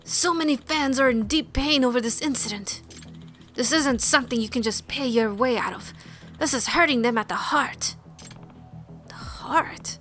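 A woman's voice: high-pitched, moderate pace, a bit bright, soft background music. A woman playing a video game, reading the characters' lines aloud and slipping in muttered comments of her own. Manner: reads game text aloud with playful asides and mutters. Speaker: let's play streamer.

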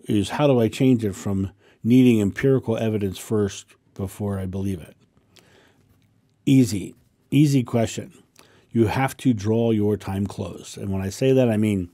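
A spiritual teacher with a fairly low voice calmly answers a viewer's question in a casual monologue, repeating affirmations as he explains.

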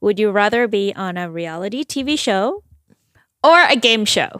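A woman co-hosting a podcast in casual chat, a lively storyteller who laughs through her anecdotes. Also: medium pitch, moderate pace, clean tone, no room sound, studio quality. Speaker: podcast co-host.

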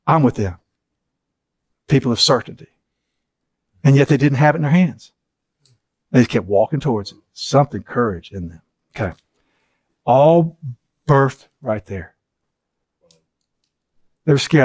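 A man's voice: medium pitch, lively intonation, moderate pace, pauses often, a little mellow, no room sound. A middle-aged man giving an earnest teaching session, repeating key phrases for emphasis.

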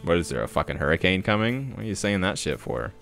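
A man's voice: sits low, very animated, fast talker, creaky, fairly bright tone, faint music behind. A young man casually commenting while reading a visual novel game aloud, swearing freely and laughing often. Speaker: gaming YouTuber.

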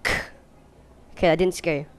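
Goofy young woman gaming commentary. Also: slow. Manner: goofy, jokey, bursts into silly high voices. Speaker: let's play host. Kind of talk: gameplay commentary.

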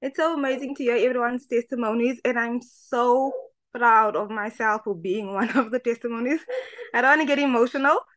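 A woman's voice: a little high, a little fast, a bit bright, no room sound. A woman in her twenties, nervous but eager and grateful, sharing her testimony on a webinar. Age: 20s.

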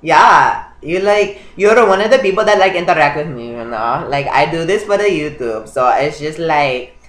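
A man's voice: on the high side, lively intonation, normal speed, a bit bright. Guy putting on a goofy broken-english character, spanish greetings, echoey room. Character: flamboyant man playing a broken-English character. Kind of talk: comedy character skit on video chat.

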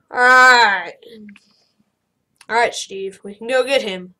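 A woman giving casual let's-play commentary, excitable, crying out loudly at every mishap and then muttering quietly. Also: fairly high pitch, takes it slowly, long pauses. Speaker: gameplay commentator.

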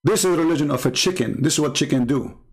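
A man's voice: a little high, lively intonation, fast talker, breathy edge. Sarcastic Arabic-accented man, mocking. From Arab world. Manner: taunting, sarcastic, repeats words in bursts. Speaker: Christian apologist. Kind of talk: mocking polemical commentary.

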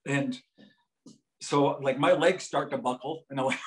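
A male psychologist giving a lecture. He tells a story in a joking, animated way. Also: medium pitch, moderate pace, poor audio.

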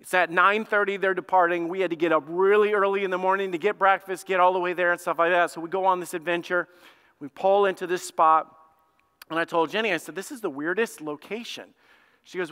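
A man, a pastor, telling a lively story in a sermon and acting out both sides of it. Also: high voice, clean tone, long reverb tail. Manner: animated, acts out both sides of his own story. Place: church sanctuary.

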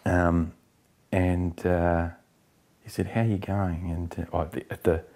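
A man from New Zealand, middle-aged, answers interview questions about his acting work in a candid, expressive way. His voice sits low and deep. He slips into quoted exchanges as he goes. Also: a little slow. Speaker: actor interviewee.

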